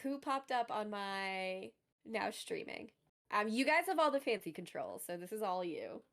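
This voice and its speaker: A woman co-hosting a game stream, reacting with short animated remarks. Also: mid-range voice, measured pace. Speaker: stream co-host. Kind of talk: casual stream chat.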